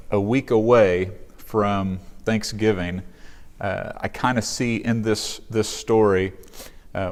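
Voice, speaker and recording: Low-voiced male pastor preaching. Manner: earnest, conversational preaching. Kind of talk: sermon.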